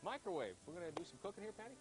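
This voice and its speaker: A man's voice: high-pitched, very animated, very fast, music in the background, poor audio. Folksy man hosting a shopping show. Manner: folksy, salesy banter. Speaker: host. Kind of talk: shopping channel pitch.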